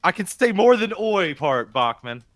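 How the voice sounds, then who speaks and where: A man's voice: sits high, very animated, normal speed, a bit bright, dry recording, studio quality. A man in his thirties, co-hosting a podcast in casual, profane, joking banter. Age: 30s. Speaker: podcast co-host.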